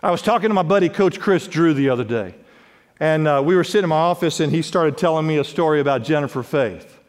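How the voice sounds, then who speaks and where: Male pastor, high voice, emphatic sermon delivery, long church reverb. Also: lively intonation, quick pace. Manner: emphatic preaching with wide swings in pitch and volume. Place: large church sanctuary.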